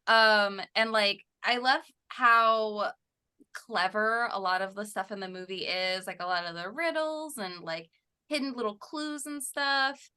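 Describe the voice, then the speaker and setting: Woman co-host, animated and giggly, bright tone, chatty podcast review. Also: mid-range voice, unhurried, smooth. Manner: laughing, animated storytelling. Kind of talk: casual chat reviewing a film. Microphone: remote call.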